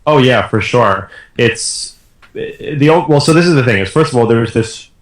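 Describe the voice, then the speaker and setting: A man's voice: mid-range voice, animated, brisk. A man speaking as a podcast guest in casual conversation, often restarting his phrases. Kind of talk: casual interview talk. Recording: roomy echo.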